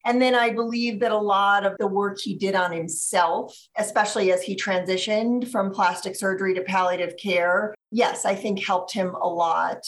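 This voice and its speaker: A woman guest on a podcast interview, speaking in a measured, reflective way. She often slows down to weigh her words, with an even, mid-pitched voice. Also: slight background noise. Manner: measured, thoughtful, speaks slowly at times.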